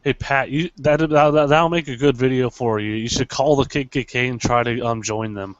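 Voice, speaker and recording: A man's voice: medium pitch, fairly even intonation, normal speed, no echo, dull audio. A man co-hosting a casual podcast chat, joking loosely and stumbling over repeated words. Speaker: podcast co-host.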